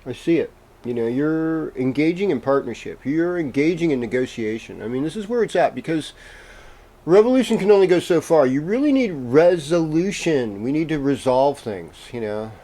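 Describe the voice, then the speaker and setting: A man reading horoscopes as the host, in a casual, meandering way with gentle pauses and fillers. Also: on the high side, animated. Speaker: astrologer host.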